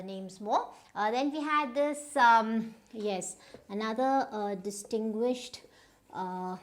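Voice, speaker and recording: A woman's voice: fairly high pitch, fairly bright tone. Indian English woman teaching pronunciation. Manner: unhurried, stops often to check understanding with "right?". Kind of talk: informal spoken lesson.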